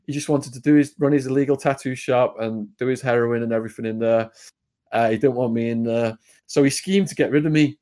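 A man's voice: mid-range voice, fairly even intonation, warm tone. English man telling a story. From England. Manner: vivid retelling, brisk and conversational. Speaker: guest. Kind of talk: storytelling interview.

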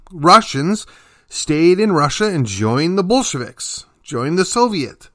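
Lively, emphatic man commentating. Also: a little high, slow pace, dry recording, studio quality. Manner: emphatic, lively, sarcastic asides. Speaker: political commentary host. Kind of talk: opinion monologue.

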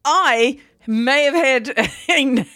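Female podcast co-host, teasing and giggly, slightly high pitch, dry close recording. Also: extremely slow, sharp tone, no room sound. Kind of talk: casual movie podcast chat.

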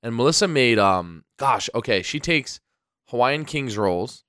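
In casual podcast chat from his small home studio, a co-host rambles in a laid-back way with fillers. His medium-pitched voice is expressive and fairly bright, his pace measured, and the recording dry with clean studio sound.

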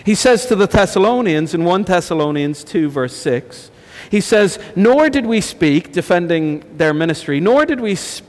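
A man with a notably high, light voice delivers a sermon. His tone is earnest and measured, and he often poses questions to his listeners as he works through scripture. His voice rings with the long reverb of a church hall. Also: animated. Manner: earnest, measured expository preaching with rhetorical questions. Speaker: preacher.

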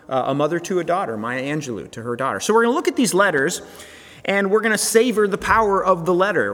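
A man's voice: fairly high pitch, fairly bright tone. A man preaching a conversational sermon as pastor, casual and chatty, with frequent fillers and restarts. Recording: long hall reverb.

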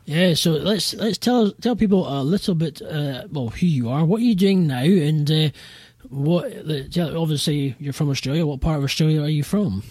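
A man hosting a podcast interview, asking rambling, halting questions in a casual way. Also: on the high side, darkish tone, husky, dry recording. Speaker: podcast host.

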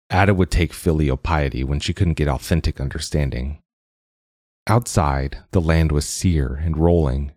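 A man narrating a science fiction story in a measured reading. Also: extremely low pitch, mellow, no room sound, clean studio sound. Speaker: audiobook narrator. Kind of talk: scripted narration.

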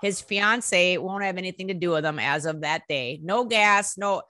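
A woman musician telling a story in a casual interview, animated and salty, acting out what people said. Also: on the low side, moderate pace, no room sound, studio quality. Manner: animated, swearing, acts out quotes in bursts. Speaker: musician guest.

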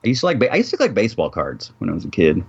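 A man co-hosting a podcast in casual chat, animated and joking, rambling through bits. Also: lowish voice, rapid-fire, gravelly, husky, dull audio. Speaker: podcast co-host.

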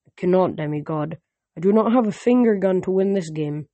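A man's voice: sits high, fairly quick, dark tone, dry recording. A man reading a storybook aloud and voicing a sad, ancient, hundred-handed male giant in a weary, mournful way.

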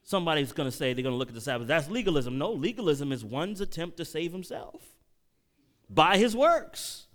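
A middle-aged man delivering a sermon in a lively, animated way. His voice rises and falls widely as he tells stories and keeps asking the congregation whether they are following along. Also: on the high side, fast. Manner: animated preaching, audience call-outs, emotional storytelling. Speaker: pastor.

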